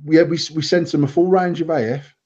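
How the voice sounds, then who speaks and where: A man's voice: fairly high pitch, a little fast. A man, host of a casual banter show, telling blunt, sweary stories. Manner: sweary storytelling, lively and blunt. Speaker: host and vape company owner. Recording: dull lo-fi live stream audio.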